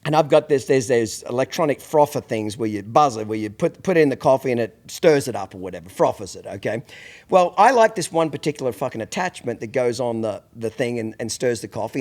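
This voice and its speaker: A man's voice: mid-range voice, darkish tone. A middle-aged man hosting a podcast, telling blunt, profane stories in casual chat. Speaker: podcast host.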